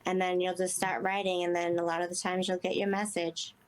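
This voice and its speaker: A woman's voice: fairly low pitch, flat delivery, brisk, smooth. A woman guest speaking earnestly in casual interview chat, rambling and often saying "you know". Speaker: guest medium.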